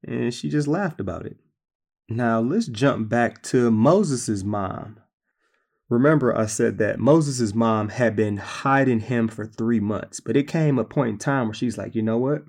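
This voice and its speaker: A man preaching a sermon, retelling scripture stories in a conversational, animated way. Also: mid-range voice, measured pace, gravelly.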